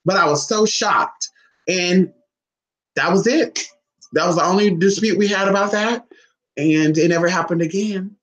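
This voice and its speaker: A woman vlogger telling a story in a sassy, profane, animated way, calling her viewers honey and girl. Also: normal speed, echoey room, rough recording. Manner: dramatic swoops in pitch. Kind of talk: casual storytime monologue.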